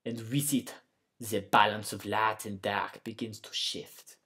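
A man reading game dialogue aloud as a gentle, solemn young prince of darkness, putting on a bad French accent. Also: mid-range voice, lively intonation, unhurried, natural voice. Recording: game music playing clearly behind.

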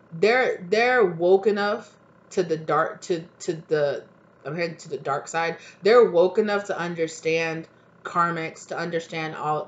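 Low-voiced woman doing a casual tarot reading. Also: dull audio. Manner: chatty, blunt, full of fillers. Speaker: tarot reader.

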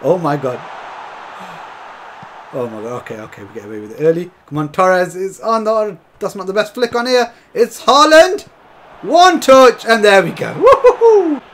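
A man giving excitable, chatty commentary over a football video game, often calling to his viewers as lads. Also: fairly high pitch, brisk. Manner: chatty, keeps calling viewers lads, bursts into shouts and laughs. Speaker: gaming YouTuber.

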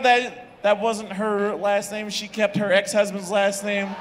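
A young man doing a crude stand-up set in a comedy club, animated and laughing at his own jokes. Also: high voice, slow pace, hardly any pauses. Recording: reverberant club from the room.

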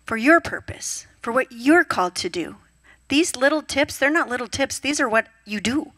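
A woman pastor preaching a sermon, telling stories with lively acted-out quotes. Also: sits high, normal speed, no room sound. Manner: lively storytelling, acts out voices and quotes. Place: church.

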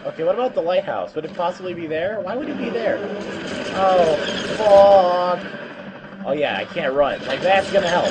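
A man's voice: high-pitched, animated, normal speed, heavy background noise. A man giving let's play commentary, swearing and complaining with jumpy outbursts. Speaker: gamer.

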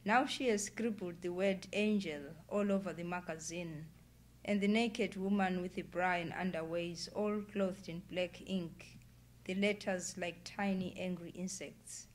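Low-voiced woman reading her novel. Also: steady tone, measured pace. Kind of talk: literary reading. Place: public reading event indoors.

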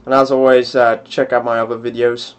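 A man's voice: medium pitch, flat delivery, a little fast, clean tone, faint music behind. A young man giving gameplay commentary, muttering to himself and swearing at the game. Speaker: gaming YouTuber.

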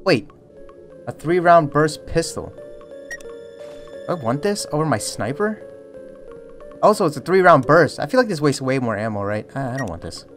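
A young man narrates his horror playthrough in a slightly high, very lively voice. He jokes between scares and breaks into yelps and panicked chatter when something jumps out. Quiet game music plays behind him. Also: moderate pace, pauses often. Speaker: streamer playing a horror game. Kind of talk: let's play commentary. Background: faint game music.

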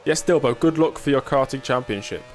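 A man's voice: medium pitch, a little fast, faint music behind. A man giving casual live commentary while sim racing and chatting with viewers, with dry self-mocking humor.

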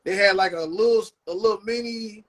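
A man's voice: sits high, fairly quick, fairly bright tone. A man co-hosting a podcast over a video call, talking casually in a loose, slangy and profane way with frequent restarts. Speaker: podcast co-host. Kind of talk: casual chat.

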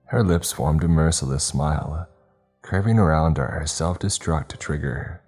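A man's voice: very deep voice, mellow. A man reading a horror story aloud as narrator, voicing each character himself. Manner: voices every character in dialogue.

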